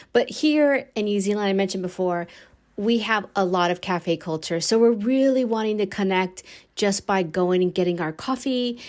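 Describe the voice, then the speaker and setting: A woman hosting a casual podcast, chatty and rambling, with many fillers and restarts and easy laughs. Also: mid-range voice. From United States. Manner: laughs easily. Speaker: podcast host. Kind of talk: casual solo podcast chat.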